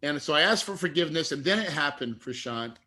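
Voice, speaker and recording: A middle-aged man with a bright, forceful, somewhat high voice tells his story as an interview guest. He is earnest and animated and gets choked up at times. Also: fast. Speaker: guest investor.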